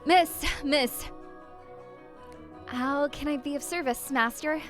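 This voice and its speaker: A woman voicing a devoted young maid in a visual novel game, speaking her lines in a higher, eager and servile voice. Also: takes it slowly, faint music behind.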